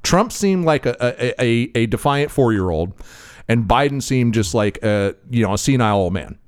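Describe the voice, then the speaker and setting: A man's voice: medium pitch, expressive, moderate pace, smooth, no echo, studio quality. A man co-hosting a podcast, chatting casually about politics and joking along. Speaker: podcast co-host.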